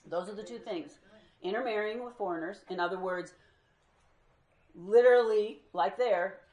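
In an echoey room, a woman with a medium-pitched voice speaks at a moderate pace. Teaching a group Bible study, she tells stories energetically, acting out what people said as a lively storyteller.

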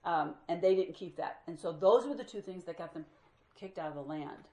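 A woman's voice: lowish voice, a little fast, roomy sound. A woman teaching a group Bible study, telling stories with energy and acting out what people said. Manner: lively storyteller who acts out quoted speech.

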